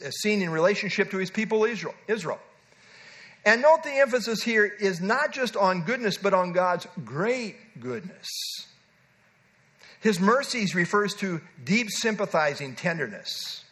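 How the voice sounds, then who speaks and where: A man's voice: high-pitched, a bit bright. A man preaching an expository sermon, teaching earnestly and leaning on repeated key words for emphasis.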